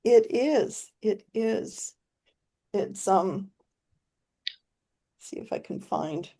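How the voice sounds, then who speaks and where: A woman presenting on a video call, speaking softly and reflectively, often trailing off and restarting. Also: medium pitch, expressive, drawn-out words. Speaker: guest presenter. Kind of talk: casual video call chat.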